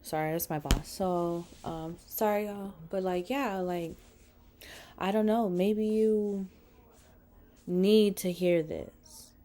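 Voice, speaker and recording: A woman self-filming a heartfelt motivational talk, speaking earnestly and often dropping to a hushed near-whisper. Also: lowish voice, fairly even intonation, slow. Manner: earnest, heartfelt, swears, calls viewers y'all and baby. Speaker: motivational vlogger. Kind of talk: casual motivational talk to camera. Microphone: self-filmed with a selfie light.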